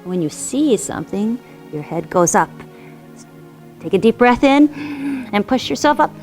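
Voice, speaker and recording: A woman instructor gently guiding children through a yoga class with encouraging, sing-song cues. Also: mid-range voice, big pitch swings, unhurried, faint music behind.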